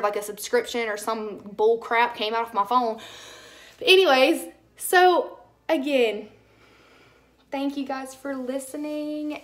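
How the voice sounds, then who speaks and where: A young woman hosting a personal podcast monologue, emotional and rambling, with many "like" fillers. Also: fairly high pitch. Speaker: podcast host.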